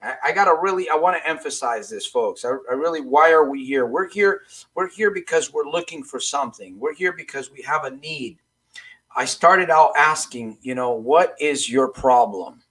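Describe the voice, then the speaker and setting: A man's voice: a little high, expressive, moderate pace, a bit bright. A man coaching live on a broadcast, talking loosely, repeating questions to his viewers and often restarting his sentences. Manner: rambling, repeats questions to the audience, frequent restarts. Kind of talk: casual motivational livestream talk.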